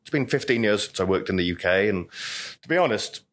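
A man's voice: on the low side, lively intonation, a little fast, fairly bright tone. A middle-aged man, a veteran bartender telling stories in an interview, with a chatty, anecdotal manner full of "you know". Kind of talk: storytelling interview talk.

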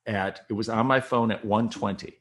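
A man telling a personal story in an interview, earnest, and quick and agitated when reliving tense moments. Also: on the low side, steady tone. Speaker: guest recounting a personal experience.

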